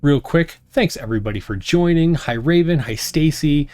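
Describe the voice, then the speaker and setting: A man hosting and narrating a solo tabletop game on a stream in a slow, deliberate storytelling voice. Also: a little high, lively intonation, warm tone, no room sound. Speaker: game master and host.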